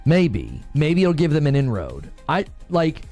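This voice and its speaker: A man talking in a casual podcast chat, measured and polished, with a self-deprecating touch. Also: on the high side, huge pitch swings, darkish tone, soft background music.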